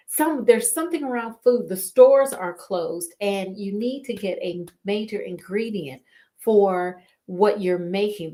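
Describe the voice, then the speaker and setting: Middle-aged woman host, relaxed storyteller, slow delivery with fillers. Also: medium pitch. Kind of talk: live talk on stress.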